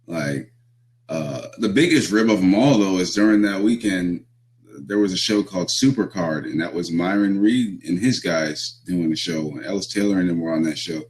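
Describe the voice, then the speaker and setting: Young guy, really deep voice, laid-back swearing road stories, laughs a lot. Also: normal speed, darkish tone. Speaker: pro wrestler guest. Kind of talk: casual storytelling.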